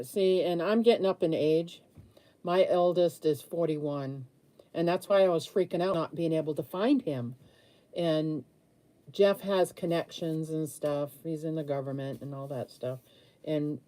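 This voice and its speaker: Older female livestream host, low mellow voice, casual and candid with viewers. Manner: candid, chatty, confiding. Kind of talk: casual live chat while painting.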